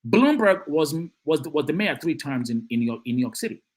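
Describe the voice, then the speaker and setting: In a fairly high-pitched voice and a little fast, a man hosts a political commentary live-stream. He's animated and emphatic, repeating phrases, greeting viewers, and reading chat comments aloud.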